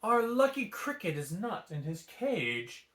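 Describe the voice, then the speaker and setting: A man's voice: high-pitched, very animated, measured pace, a bit bright, voice pushed up, exaggerated voice. A man voicing a brave, caring young woman in a storybook, speaking earnestly, recorded in an echoey room.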